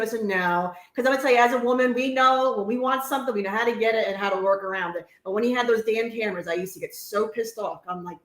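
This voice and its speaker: A woman's voice: fairly high pitch, quick pace, few pauses, fairly bright tone. A middle-aged woman with a New Jersey accent co-hosting a podcast, blunt and outspoken, swearing freely in casual talk. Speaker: podcast co-host. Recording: echoey room.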